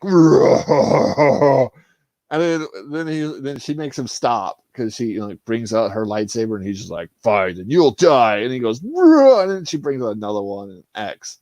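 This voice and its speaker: A man chatting casually on a livestream, animated and swearing, acting out film scenes with laughter. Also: medium pitch, a little fast, no echo. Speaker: streamer.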